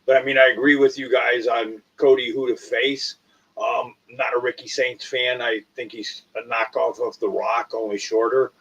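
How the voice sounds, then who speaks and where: A man's voice: mid-range voice, little pitch movement, moderate pace, fairly bright tone, breathy edge, recorded from a distance. A middle-aged man, a former wrestler, speaking hesitantly with many fillers in casual podcast chat. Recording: dull lo-fi sound from off the mic.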